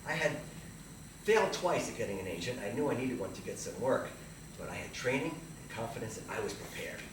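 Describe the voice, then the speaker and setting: A man telling his story in a one-man theater monologue, animated and self-mocking. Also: mid-range voice, a little fast, background noise. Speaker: solo stage performer. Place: theater stage. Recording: live stage, distant roomy hall.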